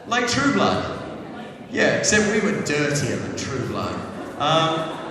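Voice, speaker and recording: A man's voice: a little high, wildly swooping pitch, takes it slowly, a crowd in the background. A man telling playful, self-mocking stories about his acting work to a live audience, with many restarts. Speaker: actor speaking to an audience. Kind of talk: casual anecdotes on stage. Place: large hall before an audience. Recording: echoey hall, far from the mic. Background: audience sounds.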